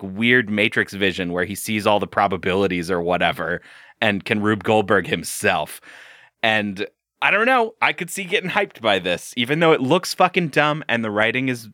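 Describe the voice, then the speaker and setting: A man co-hosting a podcast in casual, animated chat, swearing and laughing often. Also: lowish voice, no echo, studio quality. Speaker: podcast co-host.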